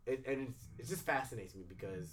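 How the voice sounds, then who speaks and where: A man co-hosting a podcast in casual chat, reflective and quick to call out his own faults. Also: medium pitch, animated. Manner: reflective, admits own faults, quotes others. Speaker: podcast co-host. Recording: distant mic with audible background noise.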